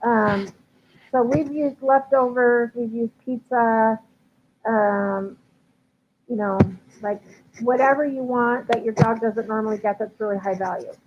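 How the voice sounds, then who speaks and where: A woman's voice: a little high, steady tone, a little slow. A woman dog trainer answering viewer questions in a casual live stream, chatty with frequent ums and likes. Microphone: livestream computer mic. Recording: tinny phone-like line with faint hiss.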